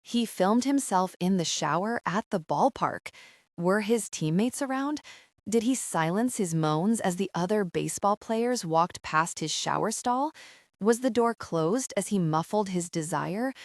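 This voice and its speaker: A woman narrating a romance audiobook in the first person, slowing down and lingering over the heated passages. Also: medium pitch, lively intonation, dry recording, clean studio sound.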